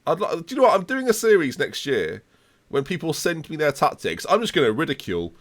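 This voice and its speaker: A man's voice: a little high, sing-song, fairly quick. A man in his late twenties, a streamer ranting in theatrical mock outrage during a live game stream, rambling and repeating himself. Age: late 20s. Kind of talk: live gaming stream rant.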